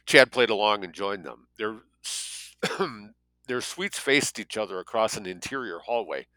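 A man's voice: lowish voice, lively intonation, measured pace, sharp tone, dry recording, low-quality recording. A man reading a story aloud as an audiobook narrator, lightly voicing the dialogue.

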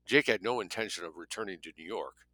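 A man's voice: sits low, fast talker, bright, forceful tone, no room sound. A man narrating a thriller audiobook in a plain reading voice, now and then dropping offhand asides of his own. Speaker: audiobook reader.

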